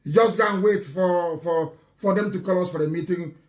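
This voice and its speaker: Guy doing a live broadcast, high voice, mocking, gets loud then drops low. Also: normal speed. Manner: animated and mocking, swings between loud outbursts and low asides. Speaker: broadcaster addressing followers.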